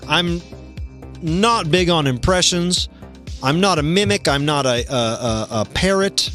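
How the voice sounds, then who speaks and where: A man hosting a livestream comedy show, rambling and deadpan, contradicting himself as he goes. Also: fairly high pitch, a little slow, faint music behind.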